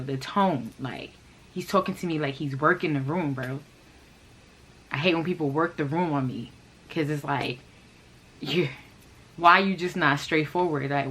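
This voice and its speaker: A woman with a deep, low voice telling a storytime vlog. She rants bluntly and profanely, sounding exasperated as she recounts the story. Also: fairly bright tone, a little hiss or hum, poor audio. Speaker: fashion channel host.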